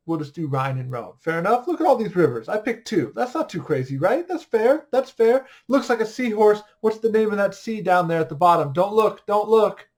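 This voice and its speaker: Upbeat joking male history teacher. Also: on the high side. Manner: upbeat, joking, quizzes the students. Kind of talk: casual online class lecture.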